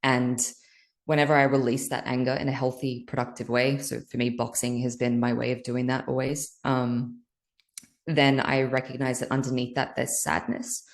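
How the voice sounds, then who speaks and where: Woman podcast guest, healer; extremely low voice, confessional, rambling with fillers. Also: flat delivery, normal speed. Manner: loose, filler-heavy, earnest and confessional. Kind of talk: candid spiritual interview talk.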